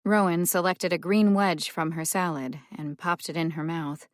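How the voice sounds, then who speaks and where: Woman with a lowish, even narrating voice. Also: normal speed, few pauses, dry recording, clean studio sound. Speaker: audiobook narrator. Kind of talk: scripted narration.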